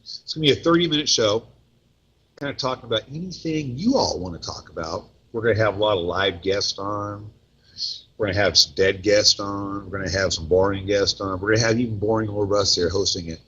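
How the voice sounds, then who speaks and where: A joking man hosts a casual podcast from a restaurant table, talking between bites. His voice is husky and on the low side. The recording sounds dull and lo-fi. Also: fairly quick, fairly bright tone. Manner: joking, self-mocking, chatty while eating. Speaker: podcast host. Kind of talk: casual chat.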